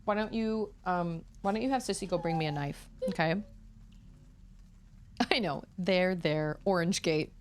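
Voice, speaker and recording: A woman's voice: lowish voice, a little slow, a little hiss or hum. A woman streamer chatting casually and thinking aloud while she plays a game. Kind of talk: casual gameplay chat.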